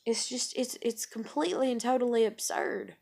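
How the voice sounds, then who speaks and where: A woman's voice: a little high, steady tone, moderate pace, creaky, darkish tone, breathy edge. Frank rambling woman vlogging. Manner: frank and rambling, swears freely. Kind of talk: candid personal vlog.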